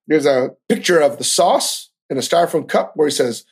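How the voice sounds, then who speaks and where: A man hosting a podcast, ranting in casual, profane commentary with animated outbursts. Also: on the high side, moderate pace, hardly any pauses, husky. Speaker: podcast host.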